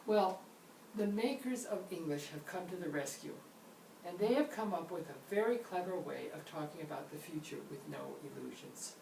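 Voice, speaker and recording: A woman's voice: lowish voice, expressive, moderate pace, mellow. A woman teaching an English grammar lesson in a playful manner with theatrical asides. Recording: roomy echo, mic at a distance, faint noise.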